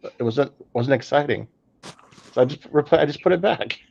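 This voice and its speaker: A man's voice: medium pitch, moderate pace, creaky, darkish tone. Rambling man on dull lo-fi audio. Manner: loose, rambling, filler-heavy. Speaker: podcast panelist. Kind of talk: casual storytelling chat.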